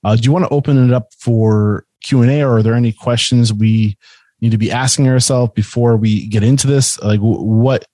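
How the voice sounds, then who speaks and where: A man hosts a webinar with keen, slightly halting speech. His voice is recorded close and dry, with no room sound, and sits at a mid pitch. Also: fairly even intonation, mellow, no room sound. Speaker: podcast and webinar host. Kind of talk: hosted webinar conversation.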